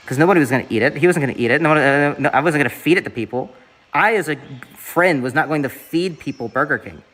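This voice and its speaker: A man's voice: on the high side, lively intonation, fast talker, fairly bright tone. A young man from the Southeast US, streaming and chatting casually in a rambling way, with lots of fillers and swearing.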